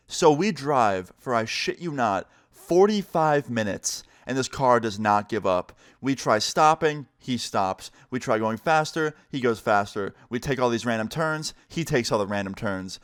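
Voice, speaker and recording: A man's voice: mid-range voice, moderate pace, hardly any pauses, no echo, studio quality. A young man from New York telling a personal story casually on camera, full of slang and quoted dialogue. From United States, New York. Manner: relaxed, slangy, acts out quotes in his own voice.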